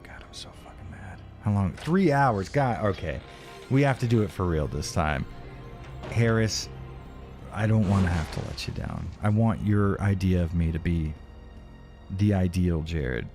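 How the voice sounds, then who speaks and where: A man's voice: sits low, expressive, measured pace, a little mellow, soft background music. A man streaming a game live, frustrated and swearing as he chats with viewers and thanks donors, his voice starting to wear out. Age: adult. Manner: frustrated, swearing, talking to chat. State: voice starting to go hoarse. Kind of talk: live gameplay stream chat.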